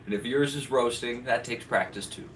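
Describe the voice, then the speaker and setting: A man's voice: medium pitch, moderate pace, fairly bright tone. A young man co-hosting a live stream, chatting casually and jokingly, reading chat, with rambling restarts. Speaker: streamer co-host. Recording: slightly distant mic with faint noise.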